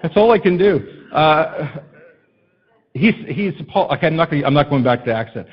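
A male pastor preaching a sermon in an impassioned way that builds to loud, emphatic peaks. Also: fairly high pitch, animated, fairly quick, breathy edge, muffled recording.

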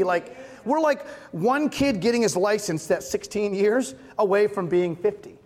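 A man's voice: high-pitched, lively intonation, normal speed, a little mellow. A man in his thirties, a pastor, preaching a conversational sermon with emphatic repeated refrains. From Massachusetts.

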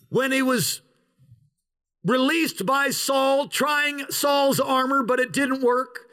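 An American pastor in his fifties preaches a sermon with animation, sometimes shouting and sometimes slowing way down for emphasis. His voice is very high, and the recording is rough.

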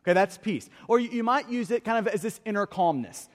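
Earnest preacher guy, high voice, stumbles and repeats words, big echoey church hall. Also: very animated, moderate pace, hardly any pauses. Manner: earnest, repeats words when starting phrases. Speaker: pastor. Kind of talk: sermon.

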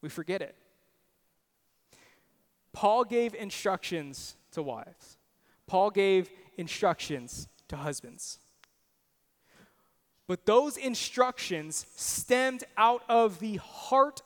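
A man's voice: high-pitched, expressive, drawn-out words, long pauses, a bit bright, big-room sound. A young man preaching a sermon, earnest and personal, telling stories on himself with self-deprecating asides. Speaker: pastor.

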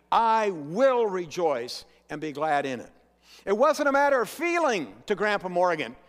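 A middle-aged man preaching a sermon as pastor in a church, earnest and emphatic, drawing the congregation into call-and-response. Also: high-pitched. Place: church sanctuary. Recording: long hall reverb.

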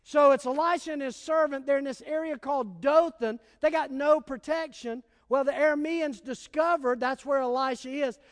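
A man's voice: very high voice, fairly even intonation, moderate pace, few pauses, long reverb tail. A man preaching a sermon as pastor, telling stories in a casual, emphatic way.

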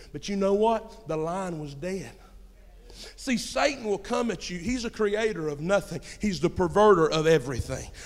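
Man, high-pitched, preacher, sermon, hushed to shouting, rhetorical questions, church hall with long reverb. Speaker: pastor. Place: church sanctuary.

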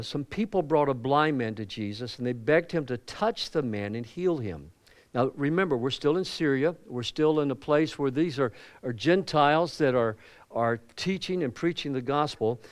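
A middle-aged male pastor preaching a sermon, telling personal stories and acting out quoted lines with a voice that climbs higher and louder. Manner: animated preaching, acts out quotes with rising pitch and volume; conversational, personal storytelling.

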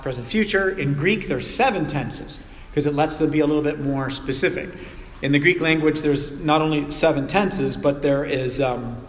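A man giving a sermon as a pastor in a church, talking in a relaxed, conversational way with everyday examples and playful asides. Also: fairly high pitch. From North America. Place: church sanctuary. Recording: echoey church hall with long reverb.

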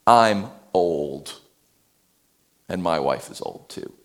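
A man's voice: low voice, slow pace, voice pushed down, full character voice. A man voicing a blunt, cynical old priest who speaks in short, curt phrases. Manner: flat, curt, grumbling.

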